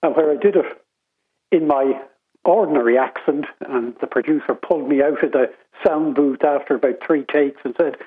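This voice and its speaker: A middle-aged Irish man on a radio show, telling stories in a relaxed, chatty way. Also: fairly high pitch, normal speed, husky. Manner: chatty anecdotal storytelling. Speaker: radio panelist. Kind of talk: casual radio chat. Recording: tinny phone line.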